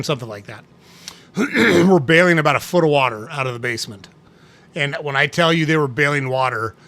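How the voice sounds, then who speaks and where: A man hosting a casual tips talk, speaking conversationally, often checking in with "right?" and clearing his throat now and then. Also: mid-range voice, pushed and bright. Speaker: host.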